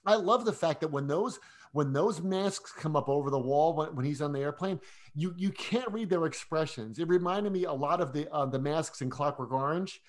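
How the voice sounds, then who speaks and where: Guy with a bit of a higher voice chatting about movies, eager, keeps repeating words as he goes. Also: normal speed. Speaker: podcast co-host. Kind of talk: casual film discussion.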